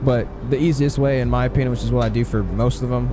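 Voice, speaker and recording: A man's voice: mid-range voice, fairly even intonation, fast, music in the background. A man live-streaming a flight simulator, chatting casually, answering his chat with lots of fillers.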